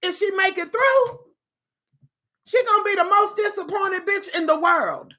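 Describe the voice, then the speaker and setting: A woman's voice: very high-pitched, unhurried, bright, forceful tone. Sassy, bawdy woman live-streaming. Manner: sassy, bawdy, laughing asides to viewers. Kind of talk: casual live-stream chat.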